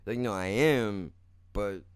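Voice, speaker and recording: Speaking slowly in a smooth, fairly low voice, a young podcast host rambles through a laid-back solo episode. He's self-mocking, curses frequently, and addresses the listener as "dude."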